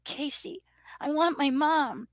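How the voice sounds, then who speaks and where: A woman's voice: high voice, slow pace, a bit bright, no echo, pitched above the performer's own voice. A woman voicing a frightened twelve-year-old girl who speaks in a small, murmuring voice.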